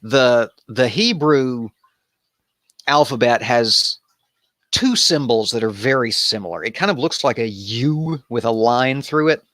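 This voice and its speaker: A man's voice: mid-range voice, expressive, measured pace, fairly bright tone, dry recording, clean studio sound. A man hosting an improvised bible study, reading aloud and commenting in a casual, irreverent way with wandering asides.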